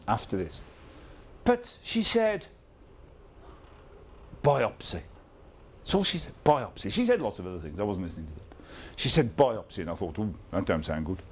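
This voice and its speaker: There's slight background noise as this guest speaker talks fairly quickly, his mid-range voice swooping wildly in pitch. The English man in his fifties tells his story to an audience informally, with wry self-deprecation and frequent chuckles.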